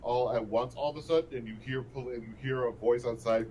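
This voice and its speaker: A man's voice: medium pitch, steady tone, brisk, warm tone, slight background noise, low-quality recording. A man running a tabletop game as game master, explaining rules and narrating scenes, often laughing at his own descriptions.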